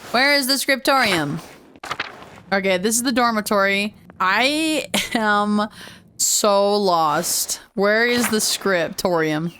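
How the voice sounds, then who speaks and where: A woman chats her way through a video game in a relaxed, playful manner, often drifting into quick asides. Her voice sits mid-range, and a faint background hiss is audible. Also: mid-range voice. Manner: chatty, easily distracted, playful asides. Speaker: let's play host. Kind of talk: casual gameplay commentary.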